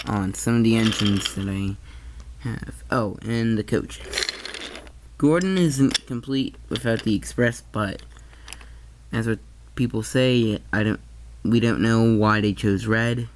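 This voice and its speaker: A man's voice: lowish voice, slow, a little hiss or hum. A man giving a casual toy train review, hesitant and often correcting himself mid-sentence.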